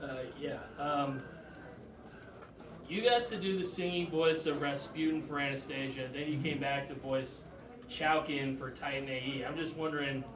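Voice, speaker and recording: A man's voice: a little high, fairly even intonation, moderate pace. Hesitant man asking from the audience. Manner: hesitant, polite questioning. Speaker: audience member asking a question. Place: convention hall. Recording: distant, echoey convention hall with crowd.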